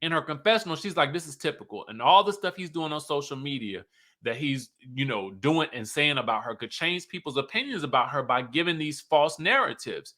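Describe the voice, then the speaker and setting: A man's voice: a little high, animated, fairly quick, sharp tone. A man giving a casual, sassy reality-TV recap, laughing often and quoting the cast. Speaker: show recap commentator.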